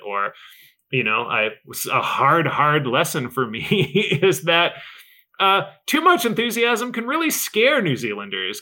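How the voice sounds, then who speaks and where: A man's voice: mid-range voice, gravelly, bright, forceful tone, poor audio. A man who leads a game studio, talking enthusiastically as a podcast guest. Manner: enthusiastic, upbeat, talks with energy. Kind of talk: casual interview chat.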